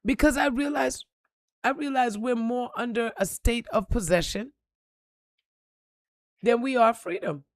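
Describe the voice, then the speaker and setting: A woman giving an impassioned, profane motivational talk on a live stream, repeating lines and building to shouts. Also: on the high side, a little slow, pauses often, no room sound, studio quality. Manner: preachy, profane, rising to shouts.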